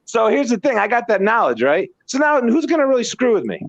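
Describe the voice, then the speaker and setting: A man's voice: very high-pitched, very animated, brisk, dry recording. A man chatting casually and animatedly, telling stories, swearing freely and repeating words as he goes. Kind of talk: casual chat. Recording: dull dry lo-fi sound.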